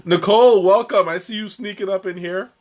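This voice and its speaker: A man's voice: high voice, steady tone, brisk. A young man hosting a live tea tasting stream, chatting casually in a rambling way with restarts and chuckles.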